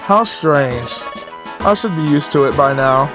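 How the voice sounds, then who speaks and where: A man's voice: fairly high pitch, expressive, measured pace, over music. A man voicing a fussy, pompous male bird who serves as a guild assistant, talking in a prim, officious, lecturing way.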